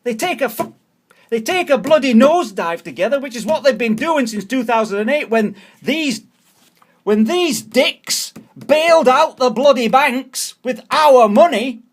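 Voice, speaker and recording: A Scottish man with a high voice rants furiously, dropping swear words and repeating his points over and over. He sounds fed up and indignant throughout. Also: lively intonation, measured pace. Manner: ranting, swearing, repeating phrases. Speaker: vlogger. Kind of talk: angry political rant.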